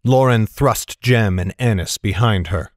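A man narrating a fantasy novel in a steady, measured storytelling manner. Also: fairly low pitch, no echo, clean studio sound. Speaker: audiobook narrator.

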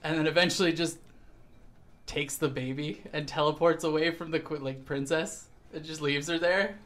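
A man's voice: a little high, fairly even intonation, a bit bright. A man in casual podcast chat, rambling through a show's plot and briefly acting out the characters. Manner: rambling, acts out characters in quick put-on voices. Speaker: podcast co-host. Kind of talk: casual chat recapping a show.

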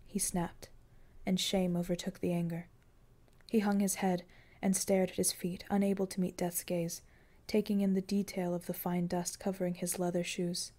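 A woman reading scripted fiction as an audiobook narrator, with calm, even storytelling. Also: on the low side, moderate pace.

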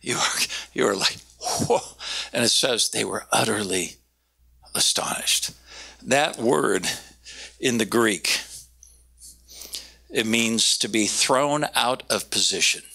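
A man preaching a sermon, animated, slowing down to stress key words and raising his voice when he quotes. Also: gravelly, husky. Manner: animated, quoting with raised pitch, slowing for emphasis. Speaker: pastor.

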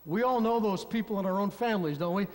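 A man's voice: sits high, fast talker, darkish tone. A man preaching a sermon as a pastor, telling a story and speaking directly to his congregation. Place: church sanctuary. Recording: long church reverb.

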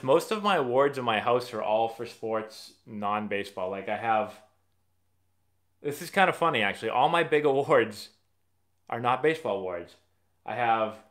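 A man's voice: medium pitch, fairly bright tone. A man from Massachusetts hosting a casual live stream, answering viewer questions as a rambling, chatty storyteller. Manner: rambling, chatty storyteller who often restarts sentences.

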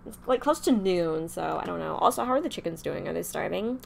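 A woman's voice: on the low side, animated, brisk, vocal fry. Young woman chatting thru a sim game, bouncy voice, keeps getting fed up w her characters. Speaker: gameplay streamer. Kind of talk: casual gameplay commentary.

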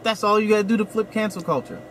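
A man's voice: sits high, steady tone, fast, fairly bright tone, a little hiss or hum. A man hosting a casual comedy chat, teasing his guest with provocative banter. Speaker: host, comedian. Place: inside a van.

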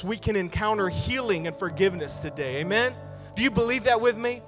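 A man's voice: sits high, animated, a little fast, a bit bright. A male pastor preaching a sermon in a conversational way, acting out quoted apologies and calling for amens. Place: church sanctuary. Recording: church hall reverb with faint music.

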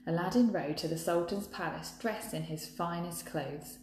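A woman's voice: fairly low pitch, moderate pace, a little mellow, a little hiss or hum. A woman reading a children's book aloud, breaking off for chatty asides to viewers. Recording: echoey room, faint ambience.

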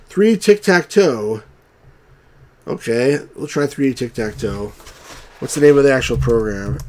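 In a medium-pitched, slightly mellow voice, a game reviewer who hosts his own channel does a let's-play of vintage computer games. He voices the on-screen text and adds dry, grumbling remarks along the way.

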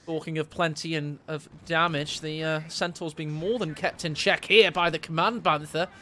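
A man's voice: a little high, steady tone, bright, forceful tone, a little hiss or hum. Jokey man commentating a game. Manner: jokey, storytelling, quick to laugh.

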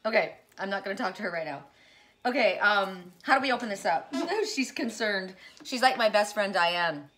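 A woman chatting excitedly as she unboxes gifts in a casual vlog, gushing over each one. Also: mid-range voice, moderate pace. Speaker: spiritual vlogger unboxing gifts.

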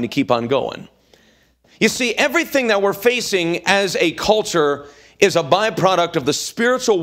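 A man's voice: high-pitched, a bit bright. A man preaching a revival sermon in a church, with an emphatic, repetitive cadence. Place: church sanctuary.

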